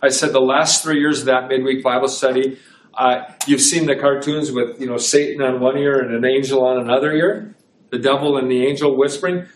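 A man's voice: medium pitch, fairly even intonation, fairly quick, slight background noise. A man pastor giving a conversational sermon to a small congregation, asking his listeners rhetorical questions. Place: small church. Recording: echoey room, voice from a distance.

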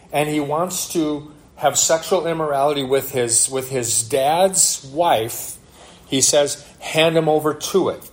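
Male pastor, voice on the higher side, teaching-style sermon that stops often to ask rhetorical questions. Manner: reads scripture aloud and explains it.

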